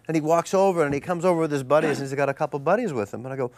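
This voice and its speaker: A man, an actor and guest, telling animated anecdotes and acting out the people in them with loud, high voices. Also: rapid-fire, a little hiss or hum.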